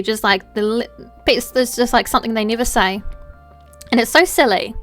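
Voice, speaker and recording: A woman streamer chatting casually while playing a game, animated and playful, with quick asides and some swearing. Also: on the high side, faint music behind.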